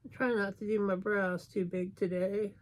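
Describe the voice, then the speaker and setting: Working through her makeup, this woman in her fifties, a beauty vlogger, talks chattily and pokes fun at herself while thinking out loud. She speaks at normal speed in a mid-range, flat voice.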